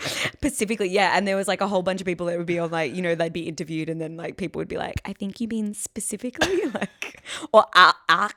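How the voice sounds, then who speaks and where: An Australian woman in her twenties or thirties, talking in a fairly low voice. She chats loosely and casually, fills her talk with "like" and swears without a second thought. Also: little pitch movement, very fast, sharp tone, no echo, studio quality. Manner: chatty, swears casually, lots of "like". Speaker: podcast co-host, comedian. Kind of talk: casual chat.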